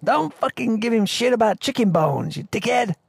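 A man voicing a fed-up male crewmate who shouts and curses. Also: high voice, sing-song, normal speed, gravelly, breathy edge, no echo, studio quality, pitched above the performer's own voice, heavily acted. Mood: angry. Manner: shouting, cursing. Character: fed-up male crewmate, a former submariner, losing his temper.

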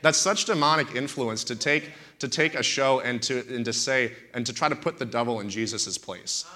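Bright-voiced preaching man. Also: medium pitch, moderate pace. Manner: animated storytelling, emphatic and indignant. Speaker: pastor. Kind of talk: preaching on a talk show.

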